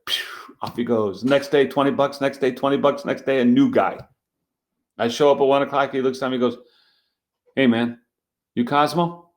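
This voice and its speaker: A man spinning a street-performing story with lively energy, slipping into the voices of the people in it. His voice sits in an ordinary middle register, and he talks in a loose, conversational way. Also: mid-range voice, fairly quick. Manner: animated storyteller acting out dialogue. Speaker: street magician guest. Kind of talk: storytelling in a casual interview.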